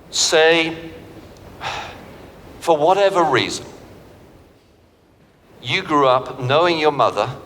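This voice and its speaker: A man preaching a sermon in a university chapel, telling stories and vivid analogies in an animated way. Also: mid-range voice. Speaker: pastor. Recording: reverberant hall with faint background noise.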